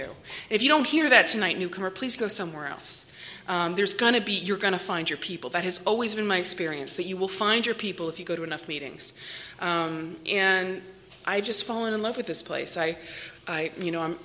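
A woman's voice: fairly low pitch, bright, forceful tone, a little hiss or hum. A middle-aged woman telling her recovery story at a meeting, candid and chatty with self-mocking humor. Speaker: AA meeting speaker.

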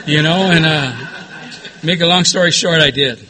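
A man's voice: on the high side, normal speed, pauses often, bright, forceful tone, husky. A middle-aged man speaking at a recovery meeting, giving a plain-spoken personal testimony that rambles with many fillers.

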